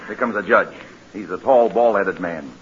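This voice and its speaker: A man's voice: on the low side, moderate pace, slight background noise. A man playing the bossy straight man in 1940s radio comedy, scolding his partner. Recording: dull 1940s radio broadcast.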